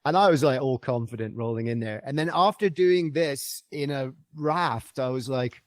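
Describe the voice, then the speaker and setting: A man's voice: mid-range voice, moderate pace, few pauses, no room sound. A man guest on a podcast interview, telling a travel story in an enthusiastic, rambling way with many fillers and restarts.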